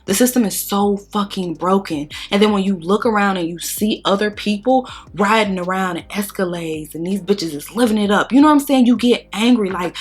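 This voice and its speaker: A woman's voice: medium pitch, normal speed, few pauses, husky, soft background music. A woman vlogger talking casually while doing her makeup, telling her story bluntly with lots of cursing and strong emotion. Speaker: beauty vlogger.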